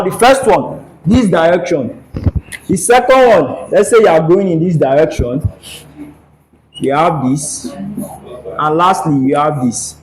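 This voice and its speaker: A man's voice: a little high, slight background noise, poor audio. A man teaching a classroom engineering lecture at a board, who keeps repeating his questions so the students will answer.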